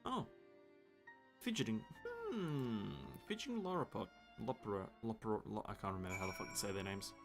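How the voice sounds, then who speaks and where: A man's voice: fairly low pitch, lively intonation, normal speed, over music. A man with an Australian accent giving casual live-stream commentary while playing a game, chatty and swearing freely.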